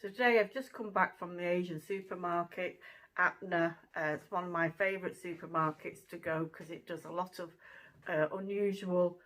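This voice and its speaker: A woman's voice: on the low side, fairly even intonation, normal speed, fairly bright tone, low-quality recording. A woman hosting her own channel, chatting casually through a fruit taste test at home, with plenty of fillers. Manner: chatty, conversational, many fillers. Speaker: channel host.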